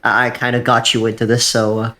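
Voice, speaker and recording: A man's voice: medium pitch, completely flat delivery, brisk, pushed and bright. A man playing in a tabletop game, boisterous and swearing in casual banter. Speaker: player.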